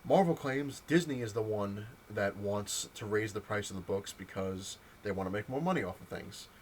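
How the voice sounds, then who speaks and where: A man's voice: on the low side, moderate pace, a little hiss or hum. A young man in a casual, rambling vlog rant, exasperated and full of fillers and restarts. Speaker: comic collector vlogger. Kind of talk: casual ranting monologue.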